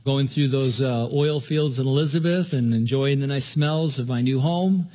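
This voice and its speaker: A man's voice: mid-range voice, normal speed, a little mellow. An older man from Southern California preaching a sermon as pastor, in an earnest, conversational way that often stops and restarts mid-sentence.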